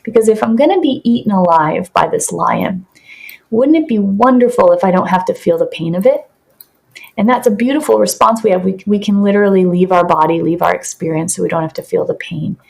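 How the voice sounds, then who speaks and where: A woman guest on a podcast, calmly explaining in an earnest, teaching way with vivid examples. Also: mid-range voice, a little fast, creaky. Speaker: podcast guest, somatic practitioner.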